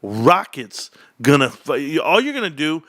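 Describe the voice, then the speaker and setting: A man hosting a casual livestream, talking about stocks in an animated, boastful, rambling way. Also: a little high, measured pace, no echo, studio quality. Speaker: host.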